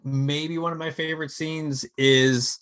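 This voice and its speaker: A man hosting a podcast, chatting casually about a cult horror film with frequent ums and pauses. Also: little pitch movement, fairly bright tone. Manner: hesitant, many fillers, pitch jumps up when starting turns. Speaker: podcast host. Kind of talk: casual chat.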